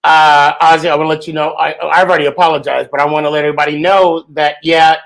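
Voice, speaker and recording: A man's voice: fairly high pitch, little pitch movement, fast talker, gravelly, a bit bright, poor audio. A man hosting a casual podcast, chatty and joking, with a lot of fillers and restarts. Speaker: podcast host.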